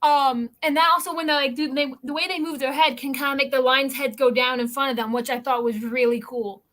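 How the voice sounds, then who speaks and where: A woman's voice: sits high, steady tone, fairly quick, fairly bright tone. A young woman hosting a casual chat, talking in a rambling way with lots of filler words. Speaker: host.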